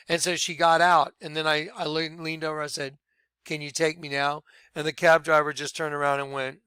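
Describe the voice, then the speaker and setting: A man preaching and telling his conversion story in an earnest sermon style, dropping to a hushed voice when he quotes. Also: a little high, flat delivery, a little fast, smooth, no room sound. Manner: earnest, drops to quiet hushed tones when quoting.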